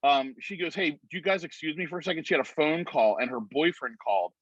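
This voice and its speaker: Animated man telling a story on a call. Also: on the high side, fast, dry recording. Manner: animated storyteller, acts out voices of others. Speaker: guest. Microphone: video call. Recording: dry muffled video-call audio.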